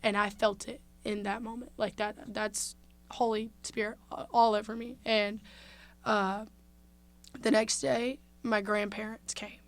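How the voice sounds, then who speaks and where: Young woman telling a story on a podcast, heartfelt, lively, gets hushed and soft at times. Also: mid-range voice, a little slow. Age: young adult. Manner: heartfelt, animated, drops to a hush at tender moments. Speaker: guest. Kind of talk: casual interview storytelling.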